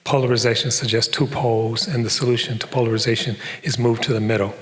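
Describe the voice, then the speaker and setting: A man's voice: mid-range voice, little pitch movement, fast talker. An older man from Detroit giving a conversational public talk as a professor, with frequent fillers and asides. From Detroit, USA. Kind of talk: lecture to a live audience. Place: performing arts center stage. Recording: long hall reverb.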